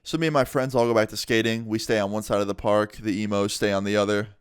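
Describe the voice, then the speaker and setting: A young man casually telling a storytime vlog with animated delivery and heavy swearing. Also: on the low side, quick pace, clean tone, no echo, clean studio sound. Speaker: vlogger.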